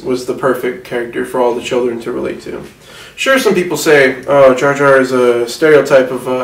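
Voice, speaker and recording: A man's voice: mid-range voice, roomy sound, far from the mic, lightly acted, rough recording. A man playing a rambling, boastful movie mogul. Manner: rambling, distracted, boastful, defensive. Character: older male film mogul, rambling, self-important. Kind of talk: satirical mock interview.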